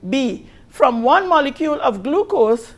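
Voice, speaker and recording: A woman with a Caribbean accent, a biology teacher giving an exam review lesson, patiently rereading questions slowly and stressing key words. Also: sits high, sing-song. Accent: Caribbean English.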